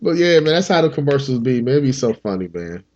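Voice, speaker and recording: A man hosting a comedy podcast, riffing in an animated, profane monologue. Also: mid-range voice, fast, highs cut off. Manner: animated, profane, slips into character voices.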